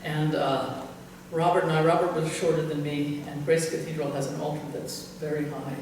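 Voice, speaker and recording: In a church hall, an older woman pastor chats her way through church anecdotes, chuckling, wandering off track and leaning on fillers. She speaks low-pitched with fairly even intonation, a darkish tone and moderate pace, heard from a distance amid the hall's echo and faint noise.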